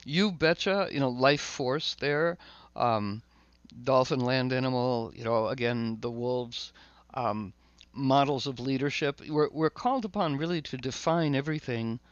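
A man hosting a loose, spiritual chat, circling his ideas and repeating words as he goes. His sound is dry and slightly dull, like a lo-fi recording. He breaks into animated asides. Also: medium pitch, unhurried, smooth, dry recording. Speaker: host. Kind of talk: casual spiritual conversation.

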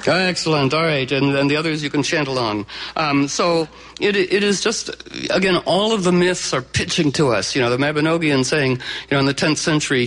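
A man's voice: a little high, fairly quick, a bit bright, rough recording. Guy telling a legend to a crowd, chatty, rambly, lots of you knows. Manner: chatty, digressive, many fillers. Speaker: storyteller. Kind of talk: live oral storytelling to an audience.

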